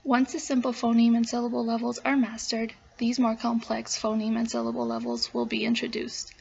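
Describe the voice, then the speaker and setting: A woman's voice: fairly high pitch, flat delivery, brisk, vocal fry, darkish tone, slight background noise. A woman presenting a class talk, reading aloud and steadily listing steps in order, in a dull lo-fi recording. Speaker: student presenter.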